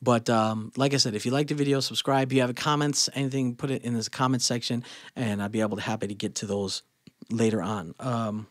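A man's voice: mid-range voice, fairly even intonation, brisk, no room sound. Blunt, dry-sounding male vocal coach. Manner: blunt, opinionated, demonstrates with his voice. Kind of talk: casual singing lesson.

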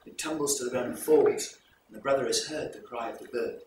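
A man presenting a folk performance, retelling the tale to a live audience in a measured, explanatory way. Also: medium pitch, darkish tone, a little hiss or hum. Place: live event hall. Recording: echoey hall recorded from far off.

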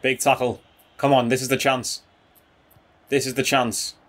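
Guy yelling at his football game, mid pitch, chatty and hyped, keeps saying bro. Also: measured pace. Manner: excitable, calls viewers bro and boys. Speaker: gaming YouTuber. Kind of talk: casual gameplay commentary.

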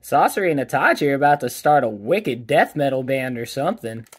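Opening card packs on his channel, a man keeps up cheerful, chatty commentary and names each card the moment it's pulled. His medium-pitched voice is very animated and brisk, with slight background noise.

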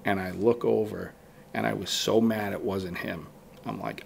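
A low, gravelly man's voice, rambling through a long story in a casual podcast chat. He keeps slipping into quoting his own past thoughts. A faint hiss sits under the recording. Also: steady tone, normal speed. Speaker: guest bowhunter.

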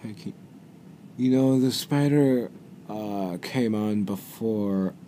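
A man's voice: fairly low pitch, slow pace, noisy background. A man doing casual reaction commentary. He rambles, makes mocking, exasperated asides and keeps breaking into giggles. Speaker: reaction video host.

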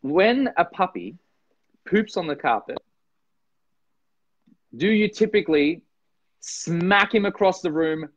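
A man from Norway, a guest on a podcast, talks in a loose, animated way. He jumps up into playful voices when he acts things out. The recording is dry and close, with a slightly dull, lo-fi sound. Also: high-pitched, takes it slowly, pauses often, dry recording. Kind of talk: casual conversation.

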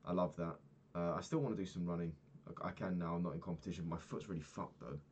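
A man's voice: low-pitched, fairly even intonation, fast talker, a little mellow, slight background noise. A young man chatting casually about his day over a video game, rambling and swearing freely. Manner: rambling, sweary, self-mocking, frequent restarts. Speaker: vlogger. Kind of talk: casual daily diary talk over gameplay.

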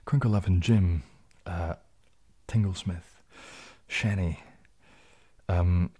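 A man hosting a casual late-night ASMR livestream, chatting softly and reading viewers' questions aloud, rambling in a relaxed way and sometimes dropping into a whisper. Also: low-pitched, slow, slightly rough. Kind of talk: casual soft-spoken livestream chat.

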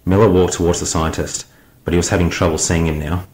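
A man narrating an audiobook in a measured, unhurried reading. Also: sits low, steady tone, darkish tone, roomy sound, low-quality recording.

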